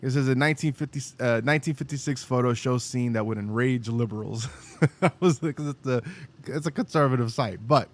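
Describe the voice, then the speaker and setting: A man chats casually on a faith podcast. His voice sits at an ordinary middle pitch. He circles back and restarts his phrases as he talks things through, now and then reading an article aloud. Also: brisk, hardly any pauses. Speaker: podcast co-host.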